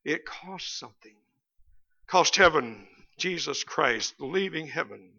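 Male Baptist preacher, high and bright, folksy and emphatic, on a dull lo-fi church tape. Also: animated, slow pace, gravelly. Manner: folksy, humorous, rising to emphatic peaks. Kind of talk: sermon.

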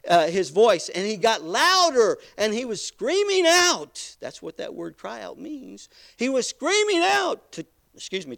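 A man preaching a sermon, building from quiet, hushed passages to loud, rising emphasis. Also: on the high side, vocal fry.

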